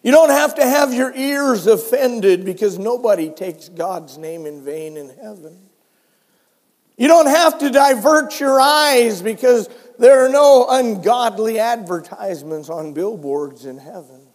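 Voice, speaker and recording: An older man preaching a sermon as pastor, telling stories and swinging between soft and loud delivery. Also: extremely high pitch, expressive, a little slow, in a large hall. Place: church sanctuary.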